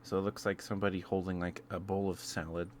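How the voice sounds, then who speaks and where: A man's voice: low-pitched, little pitch movement, fast talker, a little hiss or hum. A man streaming ASMR, chatting casually in a rambling, self-interrupting way with chuckles between thoughts.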